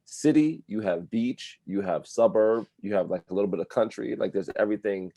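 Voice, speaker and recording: A man's voice: on the low side, a little fast, gravelly, dark tone, no room sound. A man from New Jersey, a guest on a radio show, talking earnestly in casual interview style with lots of "like" fillers. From New Jersey, USA. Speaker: guest, speaker and coach.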